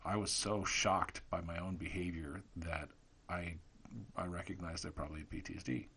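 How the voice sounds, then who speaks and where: A man's voice: deep voice, level tone, moderate pace, fairly bright tone, husky. A middle-aged man co-hosting a podcast, thoughtfully laying out his ideas in casual chat. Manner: thoughtful, explains ideas with filler and restarts. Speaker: podcast co-host.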